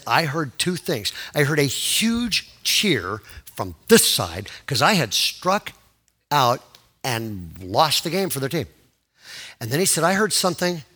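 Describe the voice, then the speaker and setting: A man preaching from the pulpit, spinning a story with big swings between hushed and excited delivery. His voice is bright and edged, sitting a little high for a man. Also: a little slow. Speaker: pastor. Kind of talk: sermon storytelling.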